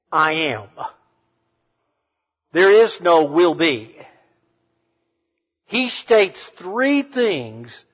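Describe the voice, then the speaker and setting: A man preaching a sermon to a congregation, emphatic, swinging between hushed and loud passages. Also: sits high, slightly rough. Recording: reverberant hall, dull sound.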